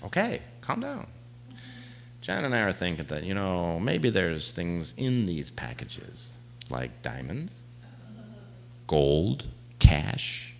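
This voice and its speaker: A man performing a live stage monologue, telling an adventure story dramatically, swinging from hushed to shouting. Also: low voice, big pitch swings, takes it slowly, creaky, slight background noise, poor audio. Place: small theater stage.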